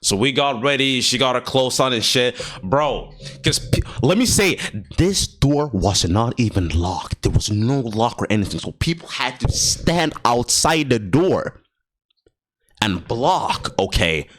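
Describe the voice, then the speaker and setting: A man's voice: medium pitch, expressive, a little slow, fairly bright tone. A young man vlogging a casual storytime, slangy and profane, laughing often and sometimes dropping to a near-whisper.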